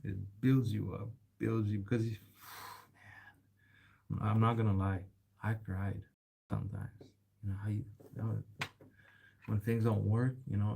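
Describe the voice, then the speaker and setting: Gravelly chatty man in a bike shop. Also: on the low side, dark tone. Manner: rambling, chatty, peppered with "man" and "bro". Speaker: bike repair vlogger. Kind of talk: casual chat while working.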